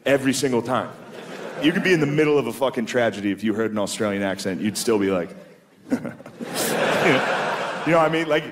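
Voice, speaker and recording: A man's voice: medium pitch, animated, fast talker, long pauses. Man doing a loose, profane stand-up set. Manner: loose, profane, self-mocking storytelling. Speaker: stand-up comedian. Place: comedy club stage. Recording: live club set with crowd noise. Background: audience laughter.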